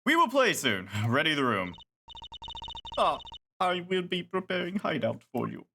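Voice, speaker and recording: A man's voice: a little high, big pitch swings, normal speed, gravelly, background noise. A man reading as a grave disguised magician. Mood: grave theatrical. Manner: theatrical, grave, clipped formal speech. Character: mysterious male stage magician in disguise. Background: game music.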